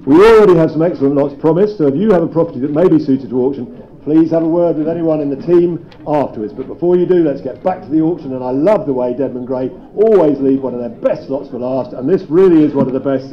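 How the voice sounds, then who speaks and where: Brisk auctioneer calling bids. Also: male voice, a little high. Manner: brisk bid-calling with playful banter. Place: auction room. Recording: dull lo-fi live stream sound.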